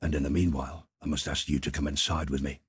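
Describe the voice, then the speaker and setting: A man doing a soft, low-spoken gentle revolutionary. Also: flat delivery, husky, dry recording, heavily acted. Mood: quiet stern. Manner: quiet, low and measured.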